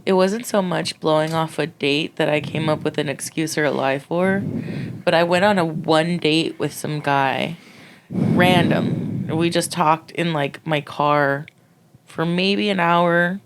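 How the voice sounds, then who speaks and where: A woman in her twenties co-hosting a podcast, telling a story casually, swearing freely and acting out quotes in a high voice. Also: a little slow, slight background noise. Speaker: podcast co-host.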